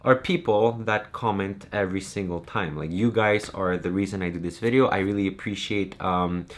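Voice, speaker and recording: This young man from Romania, a YouTube creator and game master, speaks at a moderate pace in a low voice. He addresses his viewers casually in vlog style, rambling chattily and filling the gaps with lots of fillers.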